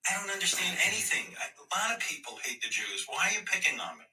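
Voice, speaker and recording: A man's voice: sits high, very animated, quick pace, bright, forceful tone, recorded from a distance, soft background music, voice pushed up, heavily acted, poor audio. A man doing a mocking, exaggerated impression of a petulant young man, heard from a clip played back. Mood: whiny.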